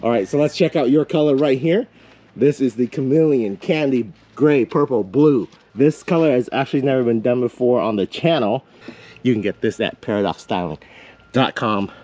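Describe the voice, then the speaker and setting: A man hosting a casual car vlog with a slightly raspy voice, excitable and slangy, laughing often. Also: fairly low pitch, fast. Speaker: car wrap shop owner and host. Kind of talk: casual vlog chat and sponsor read.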